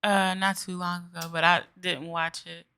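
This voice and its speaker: A woman's voice: on the low side, flat delivery, normal speed, gravelly, pushed and bright, clean tone. A woman chatting casually with her brother about a film, mostly giving short agreeing replies and brief comments. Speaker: co-host, the host's sister. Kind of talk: casual chat.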